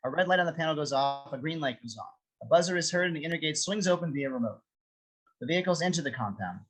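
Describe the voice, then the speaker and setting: A man's voice: a little high, fast talker, rough recording. Man reading stage directions. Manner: steady, descriptive reading. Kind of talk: script reading narration.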